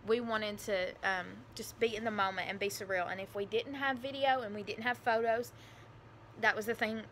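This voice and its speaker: A woman tells a personal story to her camera, her voice bright and forward. She talks in an emotional, rambling way, full of fillers and restarts. A faint hiss sits under the recording. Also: medium pitch, fairly even intonation, normal speed. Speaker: vlogger telling her adoption story.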